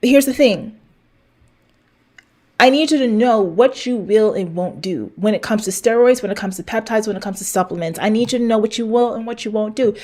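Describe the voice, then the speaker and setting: A middle-aged woman hosts a fitness show, ranting advice straight into the camera in a blunt, preachy way and swearing for emphasis. Her voice is on the high side and warm, and she talks fairly quickly. She addresses viewers directly and repeats lines to drive them home.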